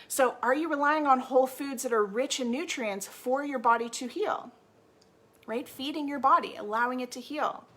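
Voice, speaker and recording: A woman's voice: high-pitched, normal speed, fairly bright tone. A young woman coaching a support group on gut health, talking emphatically and acting out quoted complaints. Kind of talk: motivational talk to a support group.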